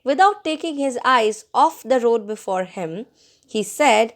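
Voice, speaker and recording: A woman narrating a story as an audiobook reader, expressive and bringing out the dialogue. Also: on the high side, a little slow.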